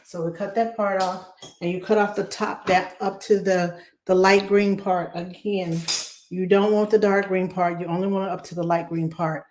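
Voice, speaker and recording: A woman, hoarse from laryngitis, chatting warmly as she hosts a live cooking demo and greets viewers by name. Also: fairly low pitch, level tone, moderate pace, slight background noise. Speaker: cooking show host.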